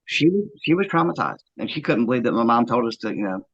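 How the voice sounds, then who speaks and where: A man earnestly recounting a first-hand encounter, halting often with fillers as he tells it. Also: mid-range voice, animated, fairly bright tone, lo-fi sound. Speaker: eyewitness interviewee.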